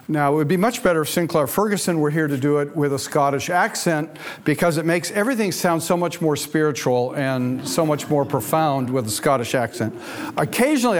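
A man teaching a church history lecture in a conversational way, with dry, humorous asides. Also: a little high. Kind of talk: classroom lecture.

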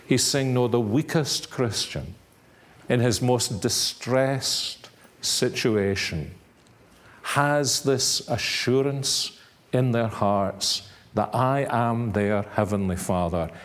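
A man preaching a sermon in a measured, earnest way, now and then rising to sudden emphatic stress. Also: mid-range voice.

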